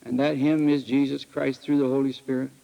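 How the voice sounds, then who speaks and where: A man preaching at a retreat, telling folksy stories with animated swings between loud exclamations and quiet asides. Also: mid-range voice, a little fast, vocal fry, dull audio. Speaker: retreat speaker. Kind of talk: folksy sermon with storytelling. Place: retreat hall. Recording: archival 1968 recording in a hall with long reverb.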